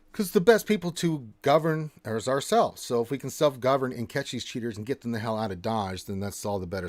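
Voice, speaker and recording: A man's voice: mid-range voice, a little mellow, no room sound. A man hosting a casual gaming livestream, reading chat in a blunt, emphatic, rambling manner.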